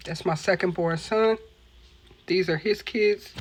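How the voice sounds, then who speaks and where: A woman's voice: fairly low pitch, unhurried, husky. A middle-aged woman casually showing viewers around her small apartment, chatting with lots of ums and calling them y'all. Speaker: vlogger giving a home tour. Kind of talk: casual home tour vlog. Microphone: handheld phone camera.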